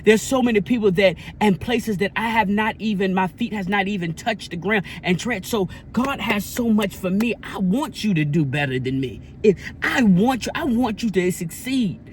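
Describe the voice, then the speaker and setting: A man talks to his viewers in an earnest, sermon-like cadence, repeating his points. His voice sits fairly high. Faint background noise runs under the recording. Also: animated, normal speed, few pauses. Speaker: vlogger. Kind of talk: casual preachy vlog talk.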